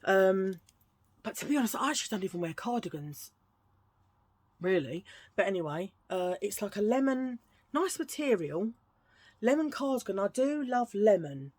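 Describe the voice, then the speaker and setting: A woman's voice: medium pitch, very animated, normal speed, long pauses, darkish tone, husky, no echo. Chatty woman gushing over bargains. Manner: gushing, chatty, rambling with restarts. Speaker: vlogger showing a thrift haul. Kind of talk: casual chatty haul video.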